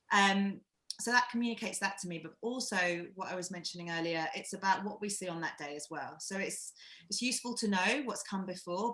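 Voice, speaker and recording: A woman from England leading a live-streamed acting workshop, talking in an encouraging, reflective way with animated emphasis. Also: on the low side, echoey room, rough recording. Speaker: workshop leader.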